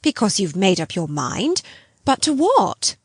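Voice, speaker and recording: A woman's voice: mid-range voice, very animated, measured pace, breathy edge, no room sound, clean studio sound. A woman voicing an anxious, devoted older housekeeper who speaks with pleading emotion in an audiobook reading.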